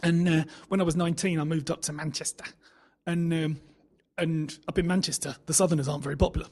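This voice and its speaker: A man's voice: on the high side, fairly even intonation, darkish tone. A man from South East London with a neutral English accent, chatting casually as a podcast guest, rambling and restarting often. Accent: neutral English with faint South East London. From South East London, England. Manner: fast, rambling, frequent restarts. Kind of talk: casual conversation.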